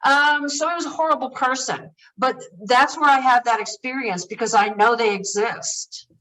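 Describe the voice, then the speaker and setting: A woman running for office answers interview questions earnestly, often pausing and restarting. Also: high voice, steady tone, pushed and bright, far from the mic, rough recording. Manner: earnest, halting, with many fillers and restarts. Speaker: political candidate guest.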